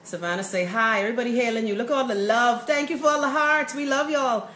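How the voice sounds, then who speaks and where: A woman's voice: fairly high pitch, fast, pushed and bright. A woman with a Bahamian accent hosting a live-stream, chatty and upbeat, greeting viewers by name as she reads their comments. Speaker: host of a live show. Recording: echoey room with faint noise.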